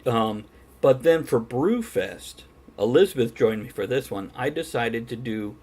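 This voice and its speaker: A man's voice: medium pitch, lively intonation, unhurried, darkish tone, husky. A man hosting a casual pub-style chat show, joking crudely and laughing often. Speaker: podcast host.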